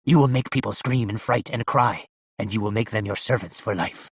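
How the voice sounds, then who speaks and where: An old vengeful sorcerer. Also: male voice, on the low side, brisk, husky, no echo, studio quality. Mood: commanding. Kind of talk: audiobook narration.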